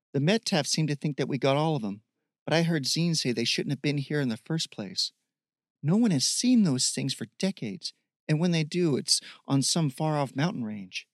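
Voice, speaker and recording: A man's voice: fairly high pitch, dry recording, studio quality, close to an everyday voice. A man doing a slangy, joking young guy. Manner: casual slangy banter. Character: easygoing young man, joking loyal friend.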